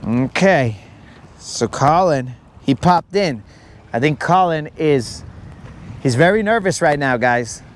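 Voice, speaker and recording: A man's voice: a little high, lively intonation, slight background noise. A man hosting a live fishing stream from a boat, chatting casually with his viewers and teasing them by name. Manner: joking, talks to viewers by name, drawn-out asides. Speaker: fishing livestream host. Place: on a boat on a lake outdoors.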